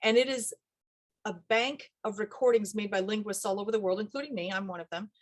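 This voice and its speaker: Woman dialect coach, guest in an interview, lively and chatty, slips into quoted voices, mid pitch. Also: a little fast. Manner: animated, acts out quoted voices, laughs often. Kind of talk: casual interview talk.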